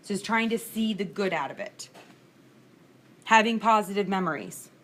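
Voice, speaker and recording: A woman's voice: mid-range voice, expressive, moderate pace, a bit bright. A woman in her thirties giving a casual lecture, candid and chatty, laughing through personal stories. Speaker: instructor. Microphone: screencast recording mic.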